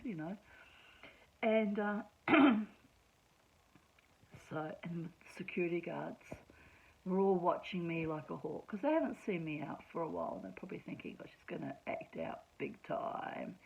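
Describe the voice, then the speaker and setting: A woman's voice: on the low side, husky. Woman rambling through a story, laughs a lot, a bit sarcastic, kinda muffled lo-fi audio. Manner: chatty, laughs often, sarcastic asides. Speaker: vlogger. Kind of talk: casual storytelling monologue.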